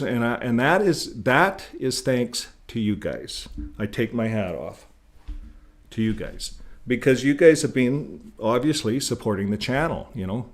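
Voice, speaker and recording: An older man from Canada chatting casually to his viewers as host of his own channel. He rambles, repeats words and chuckles as he goes, in an ordinary mid-range voice. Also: medium pitch. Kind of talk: casual talk to camera.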